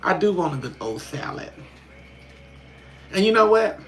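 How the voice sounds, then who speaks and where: A man's voice: sing-song, measured pace, background noise. A man playing a homey middle-aged Southern woman with an Alabama accent, chatting casually to a livestream audience at home in folksy dialect. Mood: chatty. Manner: coos at the dog in a high voice, folksy dialect. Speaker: livestream host. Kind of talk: casual livestream chat in character.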